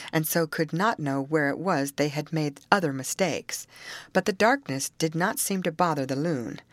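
Low-voiced woman reading a story aloud. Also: no room sound. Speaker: audiobook narrator. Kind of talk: scripted narration.

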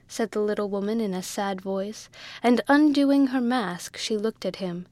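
A woman's voice: mid-range voice, normal speed, darkish tone, dry recording. Woman reading a classic novel aloud. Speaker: audiobook reader. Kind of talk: scripted narration.

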